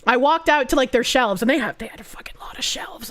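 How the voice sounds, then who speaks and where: A woman with a high voice chats casually on stream and tells a long story. Her talk is loose and rambling and full of "like" and restarts. She swears freely throughout. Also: fast talker, hardly any pauses. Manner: rambling and profane, full of fillers like "like".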